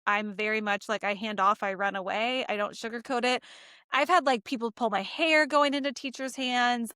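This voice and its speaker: A woman in her thirties, a podcast co-host, telling animated stories about school drop-offs, her pitch rising when she gets emphatic. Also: moderate pace, clear, resonant tone, dry recording, clean studio sound. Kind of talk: casual chat.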